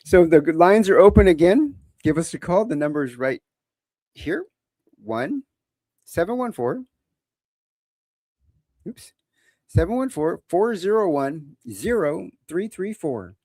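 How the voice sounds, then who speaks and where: A man's voice: high-pitched, expressive, unhurried, long pauses, dark tone, dry recording. A man hosting a live call-in show, talking in a casual, opinionated and joking way.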